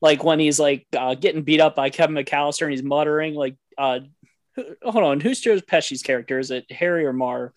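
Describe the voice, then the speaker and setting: A man's voice: a little high, a little fast, dry recording. A man in his thirties on a podcast, telling funny family stories with laughter and casual swearing. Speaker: podcast co-host.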